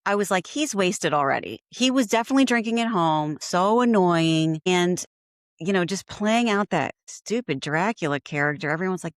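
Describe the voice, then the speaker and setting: Exasperated woman with a lowish voice. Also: expressive, normal speed, dry recording, studio quality. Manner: exasperated, emphatic reactions. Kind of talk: casual gossip chat.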